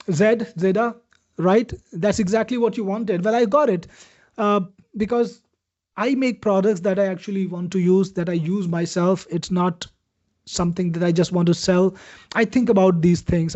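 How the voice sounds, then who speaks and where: A man with an Indian accent hosts a webinar, running a live software demo in a chatty, pitching way and calling out viewers by name. His voice sits fairly high yet sounds mellow and warm, with fairly even intonation at a normal speed. The audio is dull and lo-fi.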